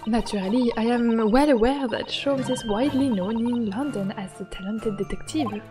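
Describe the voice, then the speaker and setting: A woman voicing a macabre older female waxworks artisan in a put-on French accent, hushed and measured. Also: on the high side, over music, lightly acted. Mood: sinister.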